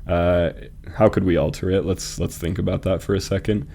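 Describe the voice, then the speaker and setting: A man casually critiquing submitted poems, thinking aloud with fillers and restarts and reading verse lines slowly to test their stresses. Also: low-pitched, steady tone, creaky, warm tone. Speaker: host reviewing fan poetry submissions.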